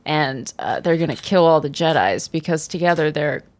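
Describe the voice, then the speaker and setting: A woman's voice: sits low, lively intonation, normal speed, a little mellow, no echo. A woman co-hosting a podcast in casual chat, sarcastic and profane, acting out characters' lines. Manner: profane, sarcastic, acts out quotes. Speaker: podcast co-host.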